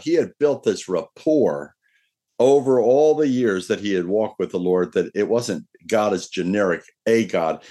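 Male pastor, low voice, earnest sermon delivery with slow scripture readings. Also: lively intonation, dark tone. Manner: earnest preaching, slows and lifts his voice when reading scripture.

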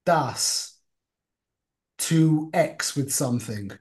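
A man's voice: fairly high pitch, expressive, extremely slow, a little mellow. A man giving an informal Torah class, talking conversationally, asking the group questions and mixing Hebrew and Yiddish terms into his English. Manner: asks the listeners questions. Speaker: Torah teacher.

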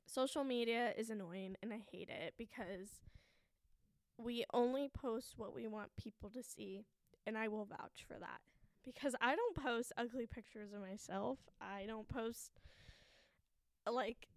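Young woman, 20s, solo podcast host; shaky, anxious, foul-mouthed candor, slightly high voice, dry close sound. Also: measured pace, dry recording. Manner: shaky, anxious and frank, swears often, laughs at herself. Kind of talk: candid solo podcast monologue.

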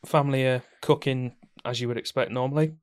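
A man's voice: mid-range voice, steady tone, quick pace. A man co-hosting a podcast, telling stories bluntly with casual swearing. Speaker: podcast co-host. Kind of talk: casual banter.

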